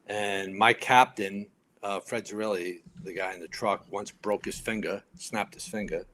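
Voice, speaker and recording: A man in his fifties from New York, a retired firefighter and podcast guest, telling stories in a lively way and acting out other people's lines. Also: fairly low pitch, unhurried, slight background noise. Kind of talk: casual storytelling interview.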